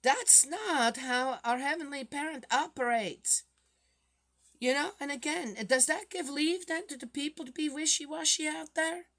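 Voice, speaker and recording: A woman reading scripture aloud and commenting on it, reading quietly and then reacting with indignant exclamations. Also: high voice, measured pace. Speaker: bible commentator.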